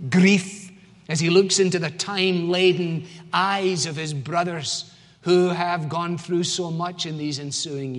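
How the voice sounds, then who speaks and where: A man's voice: a little high, fairly bright tone. A man with a Scottish accent preaching a sermon as pastor, in an emphatic, conversational way. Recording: long church hall reverb.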